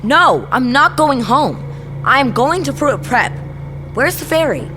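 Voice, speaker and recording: A woman's voice: sits high, sing-song, takes it slowly, sharp tone, slight background noise, heavily acted. A performer voicing a determined, anxious young boy in an audio drama, talking earnestly. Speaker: lead character. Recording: score music under the voice.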